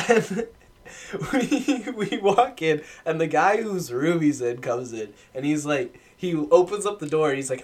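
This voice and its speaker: A man's voice: fairly high pitch, lively intonation, unhurried. A young man in casual podcast chat, telling a wild story with laughter and swearing. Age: young adult. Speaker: podcast co-host.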